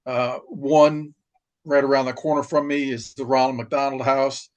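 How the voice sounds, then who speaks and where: A middle-aged retired Marine from New York, telling stories in casual chat with plenty of fillers and restarts. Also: male voice, mid-range voice, flat delivery, a little slow, dull audio. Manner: rambling, many restarts and fillers. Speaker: podcast guest, retired Marine. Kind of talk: casual storytelling.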